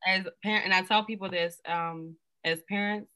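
A woman's voice: mid-range voice, fairly even intonation, moderate pace, sharp tone, clear, resonant tone. A woman guest on a podcast, talking frankly and plainly in casual chat. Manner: frank, down-to-earth.

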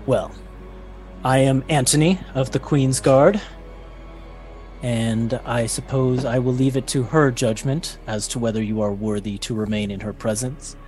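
A man's voice: mid-range voice, fairly even intonation, darkish tone, faint music behind, lightly acted. A man voicing a suspicious, officious male guard ant who questions brusquely. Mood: stern. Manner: brisk, interrogating, clipped.

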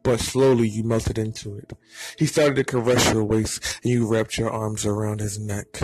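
Husky man reading a story aloud. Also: lowish voice, little pitch movement, moderate pace, darkish tone, no room sound, soft background music. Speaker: narrator.

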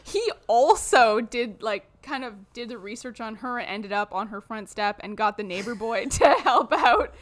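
Woman, podcast co-host, casual movie recap, animated, swears, punny jokes. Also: a little high, normal speed, few pauses. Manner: animated, swearing, jokey storytelling.

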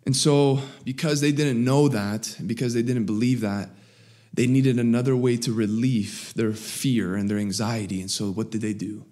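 A man preaching a sermon, swinging between raised, emphatic lines and low, quiet asides. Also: steady tone, normal speed. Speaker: pastor.

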